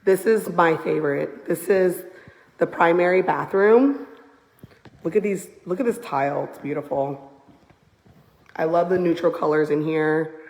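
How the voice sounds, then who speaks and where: A hoarse woman, a real estate agent showing a house on a live phone video, gushing as she walks through it. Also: on the low side, darkish tone. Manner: gushing, enthusiastic, repeats "beautiful" and "I love". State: hoarse, lost voice. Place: walking through a large house, indoors and out. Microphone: handheld phone camera.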